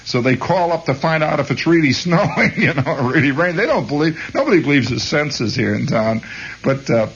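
A man's voice: a little high, animated, fairly quick, lo-fi sound, slight background noise. A man rambling hesitantly as host of a late-night radio monologue. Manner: meandering, hesitant, chuckling.

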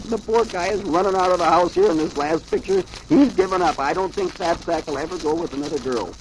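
A man's voice: on the high side, quick pace, few pauses, a little hiss or hum, rough recording. A man hosting a show who reads comic strips aloud to children, chatty and chuckling, with asides to his listeners. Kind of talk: lively read-aloud of funny papers.

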